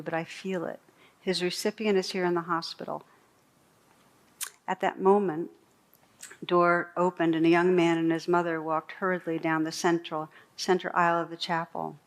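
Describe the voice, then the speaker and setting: A woman meditation teacher giving a dharma talk, reading a true story aloud in a slow, gentle storytelling voice with soft pauses. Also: fairly low pitch. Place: meditation hall.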